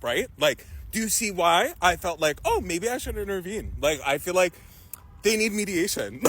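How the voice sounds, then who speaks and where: A young man telling a stand-up story, acting out the people in it and laughing often. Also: no room sound. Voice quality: husky, animated, laughs often. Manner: acts out the people in his story, jumps into high yelps. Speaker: comedian.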